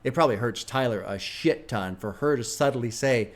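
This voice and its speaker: A man's voice: medium pitch, normal speed. A man hosting a music reaction, talking through his thoughts in casual, reflective commentary. He swears often, and he is near tears. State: near tears, emotionally moved.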